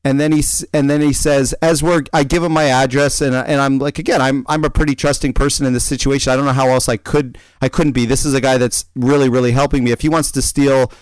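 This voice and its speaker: A man in casual chat, telling a rambling personal story in an animated way, with many restarts. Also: mid-range voice, quick pace, few pauses, clean tone, dry recording.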